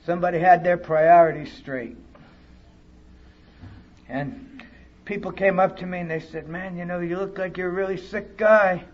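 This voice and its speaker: A man's voice: high voice, steady tone, moderate pace, pauses often, muffled recording. A man speaking at a recovery conference, telling his personal story bluntly and with profanity. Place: conference hall.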